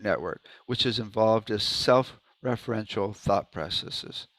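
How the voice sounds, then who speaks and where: A man's voice: on the low side, a little slow, fairly bright tone, no echo. A man giving an informal presentation, talking loosely with many asides and demonstrating hums and rhythm syllables aloud. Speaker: presenter at a sound healing meeting.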